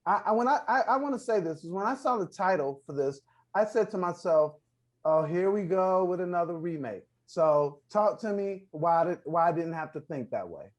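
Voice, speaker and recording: An animated man hosts a movie review roundtable. His slightly high voice keeps stopping and restarting as he thinks aloud, in a relaxed chatty way. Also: normal speed. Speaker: film critic host.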